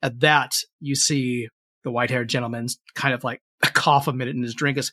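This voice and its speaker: Male game master narrating a fantasy session, unhurried, dry close sound. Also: mid-range voice, no room sound. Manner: relaxed storytelling with frequent fillers.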